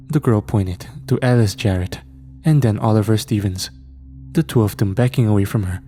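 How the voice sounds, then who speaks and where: Slow, dark-voiced male horror narrator. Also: lowish voice. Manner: slow, measured reading. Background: faint background music.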